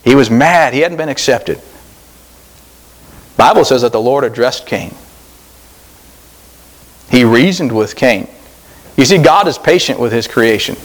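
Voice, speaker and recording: A man preaching an earnest sermon at a church service, rising for emphasis and repeating his phrases. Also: mid-range voice. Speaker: pastor.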